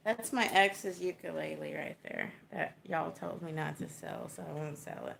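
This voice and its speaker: A woman's voice: low-pitched, moderate pace, gravelly, few pauses, fairly bright tone, a little hiss or hum. A woman with a Texan accent chatting casually on a livestream from her small home, laid-back and chatty, laughing often and greeting viewers.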